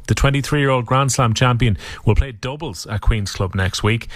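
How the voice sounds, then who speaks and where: Irish male sports reader, steady and clipped, mid pitch, dry studio. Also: dry recording. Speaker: sports newsreader. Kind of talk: scripted sports bulletin.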